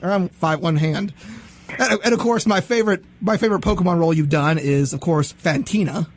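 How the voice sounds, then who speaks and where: A man hosting an interview, chatting casually in an excitable, rambling way and sometimes singing snatches of theme songs. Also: high-pitched, brisk, a little hiss or hum. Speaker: podcast host.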